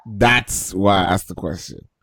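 A man co-hosting a casual chat, talking in a measured, reflective way. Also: sits low, expressive, a bit bright, slight background noise.

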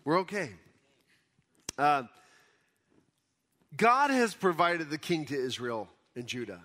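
A pastor preaching a conversational sermon, explaining scripture casually in everyday words. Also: male voice, a little high, very animated, takes it slowly, pushed and bright. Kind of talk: conversational Bible teaching sermon.

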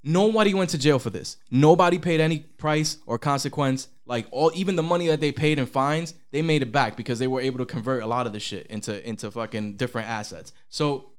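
Animated, profane man on a podcast. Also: fairly quick, few pauses. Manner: animated, profane, swings pitch when quoting. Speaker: podcast co-host. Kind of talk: casual podcast chat.

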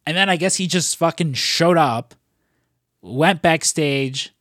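A man's voice: fairly high pitch, slow pace, fairly bright tone, no room sound, studio quality. A man co-hosting a casual podcast, talking in a rambling way with lots of fillers and casual swearing. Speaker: podcast co-host.

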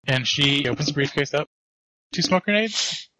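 Guy with a bright punchy voice, walking through his plan in a tabletop game. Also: fairly high pitch, expressive, normal speed, no echo, rough recording. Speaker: player. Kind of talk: describing character actions in a tabletop game.

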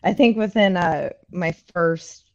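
Gravelly-voiced woman, candid podcast guest. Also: fairly low pitch, slow, darkish tone, muffled recording. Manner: candid, laughs often, swears freely. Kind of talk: casual chat.

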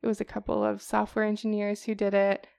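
A woman's voice: mid-range voice, monotone, brisk, vocal fry, darkish tone, clear, resonant tone, dry recording, studio quality. A woman co-hosting a podcast, telling a story in casual chat, chatty and laughing often as she acts out quotes. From Chicago. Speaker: podcast co-host.

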